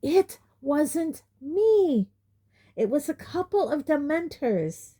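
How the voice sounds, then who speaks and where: A woman's voice: a little high, lively intonation, takes it slowly, dark tone, pitched above the performer's own voice. A woman doing an indignant teenage boy. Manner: raised, indignant. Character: defiant teenage boy wizard, angry and tense. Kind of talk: audiobook character reading.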